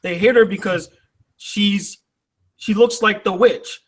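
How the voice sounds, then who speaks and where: High-voiced man hosting a live debate. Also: rough recording. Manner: casual, joking, quick to interrupt. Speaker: debate host.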